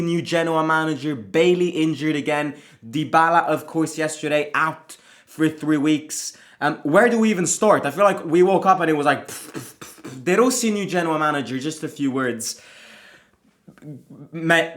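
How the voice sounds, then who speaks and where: Man, Italian accent, excitable, chatty, casual fan vlog host, mid-range voice. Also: medium pitch. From Italy. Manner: excitable, chatty, with frequent restarts. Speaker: football fan channel host.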